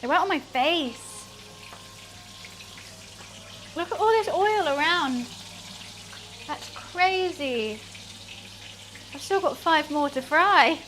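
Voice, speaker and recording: A woman's voice: sits high, lively intonation, takes it slowly, long pauses, a bit bright. A woman streaming herself cooking in a home kitchen, chatting casually and self-deprecatingly to her chat. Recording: faint frying noise behind. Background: sizzling frying.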